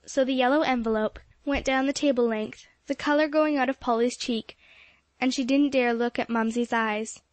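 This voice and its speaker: Woman reading an audiobook, high voice, dry close mic, steady pace. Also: moderate pace, dry recording. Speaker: audiobook narrator. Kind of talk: scripted narration.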